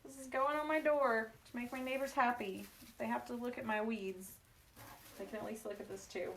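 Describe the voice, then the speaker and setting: A woman, chatting warmly and laughing through stories as she hosts a craft livestream. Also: on the high side, fairly even intonation, a little fast, gravelly, slight background noise. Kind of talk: casual craft livestream chat.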